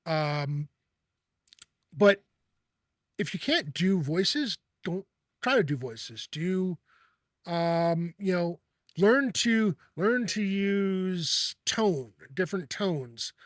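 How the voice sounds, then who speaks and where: A man with a slightly raised voice leads a casual chat. He talks in halting bursts, repeating words and restarting sentences. The sound is dry, with no room echo. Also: high voice, expressive. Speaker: host.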